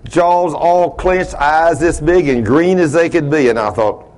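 A man preaching a sermon in a folksy storytelling way, laughing at his own stories and swinging between loud and hushed. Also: on the high side, animated, moderate pace.

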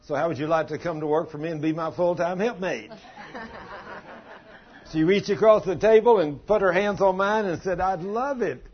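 An older man preaching a sermon, telling a folksy story in plain country grammar, with a husky voice. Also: sits high, moderate pace, lo-fi sound. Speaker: pastor.

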